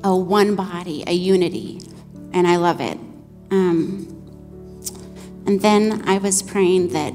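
A woman in her thirties speaking to a church congregation, sharing a prophetic word in a halting way with many fillers and restarts. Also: mid-range voice. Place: church hall. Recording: echoey church hall with soft music.

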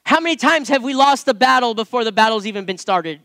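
A man's voice: very high-pitched, expressive, quick pace, sharp tone, clean tone, no echo, studio quality. A man preaching informally from scripture, chatty and repetitive at times, building to emphatic points. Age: adult parent. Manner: conversational, repeats words, builds to emphatic preaching. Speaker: pastor or Bible teacher. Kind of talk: informal sermon with scripture reading.

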